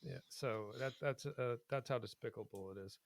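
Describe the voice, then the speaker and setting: A man co-hosting a casual podcast, talking in an animated, indignant way and laughing often. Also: medium pitch, normal speed, no room sound. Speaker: podcast co-host. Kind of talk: casual political chat.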